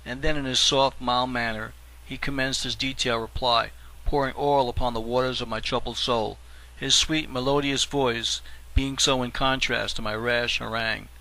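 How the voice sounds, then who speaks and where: A man narrating an audiobook in an even, steady reading manner. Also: medium pitch, moderate pace, rough recording.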